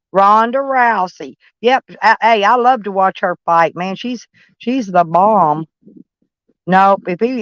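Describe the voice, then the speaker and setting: Her medium-pitched voice comes through a muffled recording with no room sound. She's a livestream host in casual chat with viewers, talking bluntly, cursing without restraint, and addressing folks as honey.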